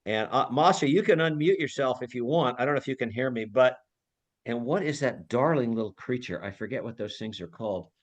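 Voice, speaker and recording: A man's voice: mid-range voice, expressive, fairly quick. A man giving an informal talk over a video call, rambling and teasing in a jokey way. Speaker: lecturer.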